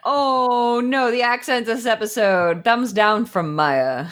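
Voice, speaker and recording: A woman's voice: fairly high pitch, takes it slowly, fairly bright tone. A woman co-hosting a podcast in casual chat, with wry, teasing remarks. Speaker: podcast co-host.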